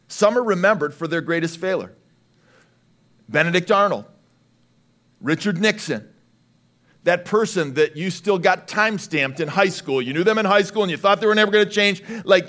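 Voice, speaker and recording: High-voiced lively preaching man. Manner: lively preaching, rising to shouts. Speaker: pastor. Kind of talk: sermon.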